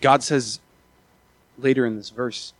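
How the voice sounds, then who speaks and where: A man preaching a sermon, often repeating and restarting his words, who rises from quiet talk to loud, urgent appeals. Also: medium pitch, steady tone, takes it slowly, no room sound. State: out of breath after the peak.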